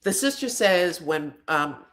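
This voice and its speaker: A woman's voice: fairly low pitch, lively intonation, slow, fairly bright tone. A woman casually recapping a reality show episode in a chatty, conversational way. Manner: chatty, conversational, drops in "you know what I'm saying".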